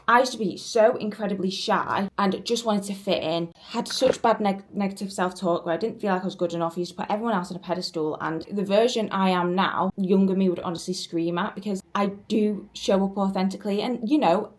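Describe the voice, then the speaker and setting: A young woman talks straight to the camera in an earnest, encouraging way, like a friend giving a pep talk. Her voice sits at an ordinary middle pitch, and her delivery stays chatty and warm in wording rather than polished. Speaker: self-help vlogger.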